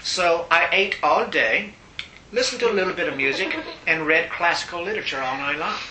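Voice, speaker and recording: An older man being interviewed, telling stories in a casual, animated way and laughing often. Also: fairly quick. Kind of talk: casual storytelling. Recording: roomy echo, faint rumble.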